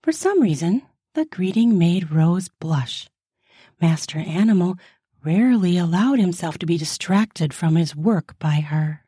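A woman hosting a podcast, reading erotic fiction aloud in a slow, soft, intimate way. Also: on the low side, animated, breathy edge, no echo, clean studio sound.

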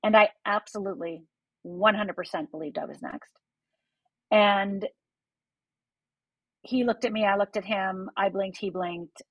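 Husky-voiced woman telling her life story. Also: mid-range voice, fairly even intonation, unhurried, pauses often, a bit bright, no room sound, poor audio. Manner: earnest, vivid storytelling that speaks straight to the listener. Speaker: life coach guest. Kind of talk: personal storytelling in a podcast interview.

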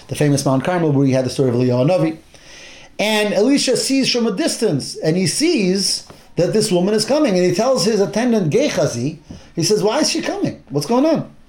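A man's voice: high-pitched, expressive, a little fast, a little mellow. A man teaching a Torah class, retelling a Bible story with acted-out quotes and Hebrew terms. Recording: roomy echo.

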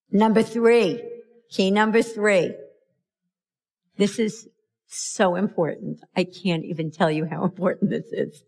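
Middle-aged woman, parenting speaker, slow and emphatic, acts out quotes in her stories. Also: fairly low pitch, darkish tone. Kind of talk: motivational talk to an audience.

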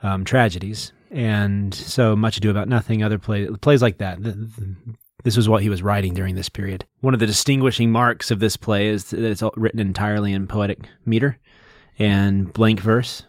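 A man's voice: on the low side, steady tone, normal speed, dry recording, clean studio sound. A man co-hosting a podcast, explaining things at length in a casual, lecturing way with plenty of fillers. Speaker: podcast co-host. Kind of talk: casual literary discussion.

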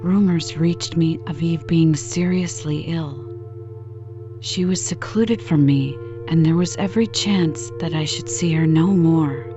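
Soft-spoken woman reading a bedtime story. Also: deep voice, unhurried, lo-fi sound, music in the background. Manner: soft, calm, partly whispered. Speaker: sleep podcast reader.

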